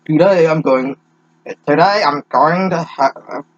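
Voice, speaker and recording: A man's voice: fairly high pitch, slow pace, dull audio, slight background noise. A young man reading a fanfic aloud with sarcastic, profane asides, stumbling over words. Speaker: reader mocking a fanfic.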